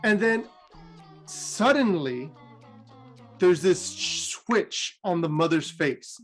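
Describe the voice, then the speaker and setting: Chatty guy telling game lore, fairly high voice, faint music behind. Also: extremely slow. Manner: chatty, many fillers, animated pitch jumps. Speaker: lore storyteller. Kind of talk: casual lore retelling.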